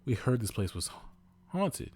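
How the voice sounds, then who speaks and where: A man's voice: medium pitch, sing-song, normal speed, darkish tone, slightly rough, pitched above the performer's own voice. A man voicing a brash young vampire slayer girl who whines and pouts. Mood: whiny. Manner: whiny, pouty.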